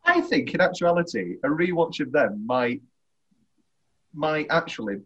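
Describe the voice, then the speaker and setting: A young man hosting a casual film chat, rambling and halting, laughing often. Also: on the high side, animated, breathy edge, highs cut off. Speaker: podcast host.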